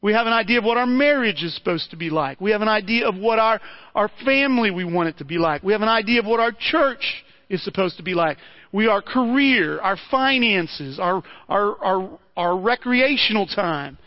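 A man's voice: high voice, expressive, moderate pace, lo-fi sound. A man preaching a sermon in a conversational way, asking his listeners rhetorical questions and often repeating words as he restarts.

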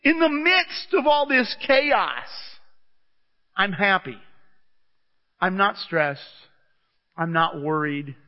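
Middle-aged guy preaching, high voice, chatty and excited, muffled churchy echo. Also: slow pace, long pauses. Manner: conversational, enthusiastic storytelling. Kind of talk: sermon. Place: church hall. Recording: muffled church recording with long reverb.

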